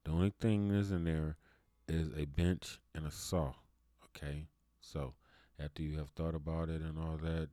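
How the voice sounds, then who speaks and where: A man's voice: rumbling low, little pitch movement, moderate pace, warm tone, dry recording, clean studio sound. A man hosting his own show and talking in a casual, rambling monologue full of "you know" fillers. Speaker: show host.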